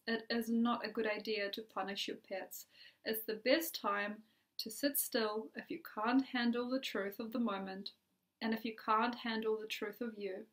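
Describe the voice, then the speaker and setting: A woman astrologer giving a forecast in a dreamy, repetitive way, with many pauses and ums. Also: a little high, fairly even intonation, fairly bright tone.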